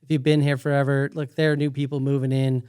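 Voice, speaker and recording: Man host, mid-pitched, earnest and encouraging, dry close podcast mic. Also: flat delivery, quick pace, a little mellow, clean tone, no room sound. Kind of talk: casual podcast conversation.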